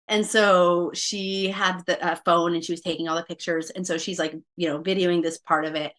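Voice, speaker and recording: A woman's voice: fairly low pitch, flat delivery, moderate pace, fairly bright tone. A woman guest on a podcast, telling a personal story casually and quoting her own thoughts aloud with many fillers.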